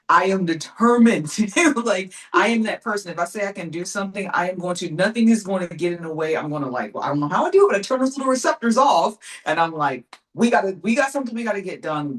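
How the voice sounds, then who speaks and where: A woman in her forties with a mid-range voice offers casual motivational talk during an interview, pressing her points with determination and lots of fillers. The recording quality is low.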